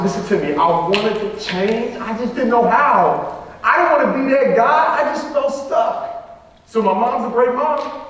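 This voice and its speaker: A man's voice: high voice, a little hiss or hum. A young man giving a motivational school assembly speech, repeating phrases for rhythm and acting out dialogue. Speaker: motivational speaker. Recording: echoey hall from far off.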